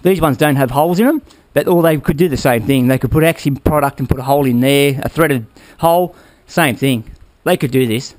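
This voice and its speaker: Speaking a little fast with few pauses, a man in his workshop talks viewers through his motorbike build in a casual how-to way. His voice is mid-range and darkish, and he rambles, checking in with "all right?" as he works.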